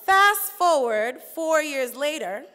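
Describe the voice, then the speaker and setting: A woman's voice: high-pitched, lively intonation, takes it slowly, pushed and bright. A young woman giving a playful, sassy speech to a conference crowd, laughing often. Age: young adult. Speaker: conference speaker. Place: large conference hall. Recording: reverberant hall with crowd.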